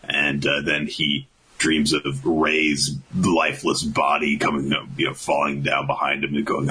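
A man's voice: extremely low pitch, measured pace, breathy edge, poor audio. A man casually recapping a comic chapter on a podcast, acting out the characters as he goes. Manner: animated retelling, acts out characters. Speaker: podcast co-host.

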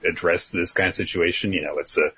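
A man's voice: deep voice, steady tone, fast talker, sharp tone, husky. A man co-hosting a podcast, chatting in a laid-back way about manga chapters and thinking aloud with fillers. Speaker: podcast co-host.

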